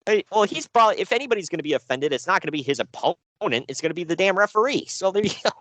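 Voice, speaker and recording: A man co-hosting a casual podcast about wrestling shows, sarcastic and animated, laughing often. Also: high-pitched, racing, no echo.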